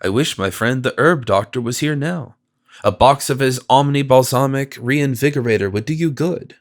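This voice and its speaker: A smooth-talking stranger with a gentle, flattering voice, full of sympathy that never quite rings true, as a man reads him in an audiobook. He talks at an even, middle pitch. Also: normal speed, close to an everyday voice. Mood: persuasive. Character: smooth, solicitous male stranger, a confidence man.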